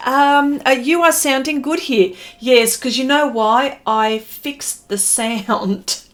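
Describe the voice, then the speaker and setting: A woman's voice: high voice, slow, hardly any pauses. Chatty Australian woman livestreaming. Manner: chatty, greets viewers by name with bright rising hellos. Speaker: art livestream host. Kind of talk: casual live-stream chat. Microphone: desk microphone.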